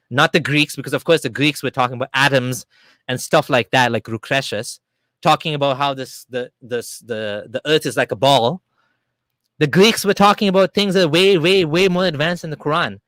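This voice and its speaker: A man giving a casual, argumentative monologue to camera, animated and full of fillers and restarts. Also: medium pitch, moderate pace, no echo. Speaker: video creator.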